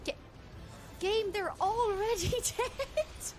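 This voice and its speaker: A woman streamer giving casual gameplay commentary, excitable and often squealing, swearing and laughing. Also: very high voice, drawn-out words. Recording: game music playing loudly behind.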